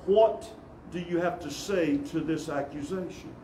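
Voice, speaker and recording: An outraged, accusing high priest, as a preacher puts him on, in a raised, drawn-out voice. The delivery is slow and stretched, and the big room rings around him. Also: male voice, roomy sound, distant mic, background noise, natural voice. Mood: demanding.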